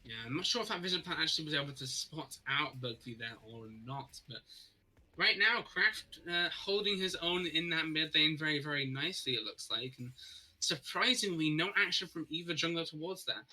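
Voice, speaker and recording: Bright-voiced man casting esports live. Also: a little high, fairly quick, low-quality recording. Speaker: esports caster. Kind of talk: live play-by-play commentary.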